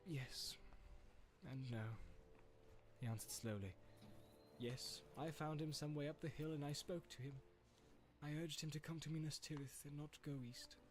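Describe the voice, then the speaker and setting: A man's voice: a little high, steady tone, lightly acted. A man doing a grim, hesitant warrior. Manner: slow, hesitant, subdued. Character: grim brooding warrior, male, evasive. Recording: music playing underneath.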